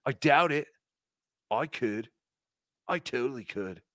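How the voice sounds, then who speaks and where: A sarcastic podcast host with a bright, sharp, tense tone and a voice that leaps up and down. He talks slowly and drawls, and he sounds close and dry. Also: mid-range voice, no echo. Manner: animated, sarcastic, mocks with impressions. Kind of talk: mocking casual chat.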